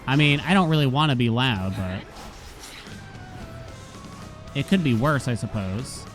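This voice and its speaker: Medium in pitch and fairly bright, the man's voice has lively intonation and moves a little fast, with soft music in the background. He's casually chatting on a gaming stream, telling stories and acting out quotes.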